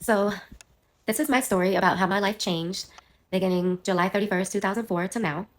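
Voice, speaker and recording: A woman under the weather tells a personal story in quick, rambling bursts and keeps correcting herself. She talks fast. Her voice sits at a middle pitch. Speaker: storyteller in a clip.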